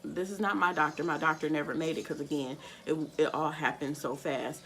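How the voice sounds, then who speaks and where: A young woman with a low voice recounts a personal story straight to camera, loose and candid, peppering her sentences with "like." A faint hum of room noise sits behind her. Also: steady tone, fairly quick, a bit bright, rough recording. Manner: candid, many fillers like "like". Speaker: vlogger.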